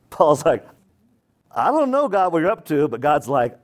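Animated man preaching a lively sermon. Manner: animated, shifts between loud bursts and low asides, puts on quick voices. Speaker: pastor.

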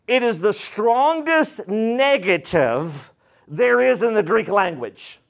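Emphatic higher-pitched male pastor preaching. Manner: emphatic, repeats phrases for weight; addresses the congregation directly. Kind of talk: expository sermon.

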